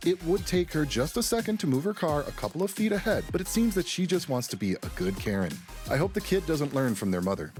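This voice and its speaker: A man's voice: fairly high pitch, very animated, quick pace, a little mellow, faint music behind. A man reading scripted, mocking commentary over a compilation of clips. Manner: mocking, exasperated. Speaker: compilation narrator.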